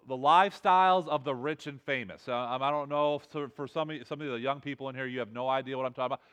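A man's voice: on the high side, a bit bright, clean tone. A middle-aged man preaching a sermon in a loose, conversational way, with lots of fillers and restarts. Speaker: pastor.

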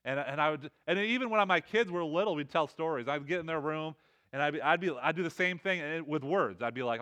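A man's voice: a little high, brisk, bright, forceful tone. A middle-aged man preaching a sermon in a loose, conversational way, with lots of fillers and restarts. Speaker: pastor.

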